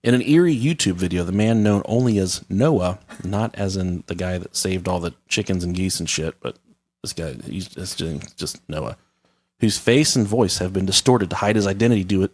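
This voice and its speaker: A man hosting a podcast in casual, crude comedy chat, joking irreverently and reading articles aloud with asides. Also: low voice. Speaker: podcast host.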